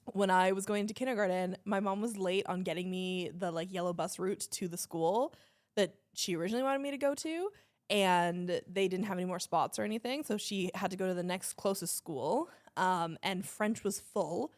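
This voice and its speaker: A woman influencer from Canada, a podcast guest chatting casually, bubbly and laughing often as she tells stories. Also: mid-range voice. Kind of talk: casual chat.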